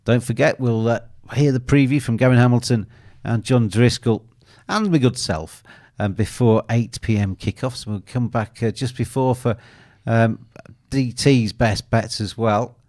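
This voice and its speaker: A man's voice: mid-range voice, a little slow, hardly any pauses, darkish tone, no echo, studio quality. A man hosting a live football betting show, commenting on a match and teasing his co-host while reading viewer comments aloud.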